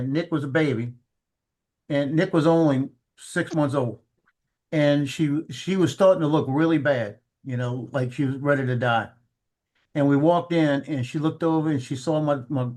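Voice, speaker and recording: A middle-aged man telling family stories in casual chat, halting and repeating words as he acts out what people said. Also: medium pitch, darkish tone.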